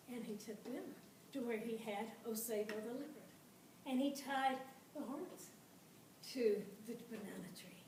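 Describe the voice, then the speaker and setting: A woman telling a folktale to an audience, dramatic and expressive, with pauses and repetition. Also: a little high, distant mic, background noise. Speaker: storyteller. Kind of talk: live folktale storytelling. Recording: echoey room, voice from afar.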